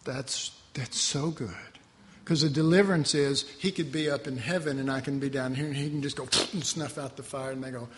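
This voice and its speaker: A man's voice: medium pitch, fairly even intonation, brisk, big-room sound. A man preaching a conversational sermon in a folksy way, chuckling and acting out voices from the story. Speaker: pastor.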